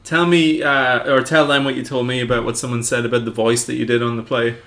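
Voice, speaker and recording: A man's voice: mid-range voice, level tone, brisk, a bit bright. A young Irish man chatting casually on a podcast, rambling and reaching for words. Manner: rambling, searching for words with fillers. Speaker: podcast co-host. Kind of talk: casual chat.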